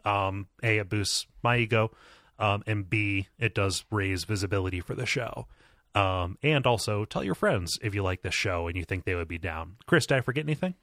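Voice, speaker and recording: Here a man co-hosting a podcast keeps things loose, restarting often and laughing a lot as he rambles. His voice sits on the low side with a fairly bright tone and a moderate pace, captured in a dry, clean studio recording.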